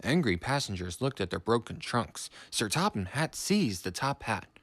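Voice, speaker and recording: A man narrating a children's storybook in a measured, expressive way. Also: mid-range voice, dry recording.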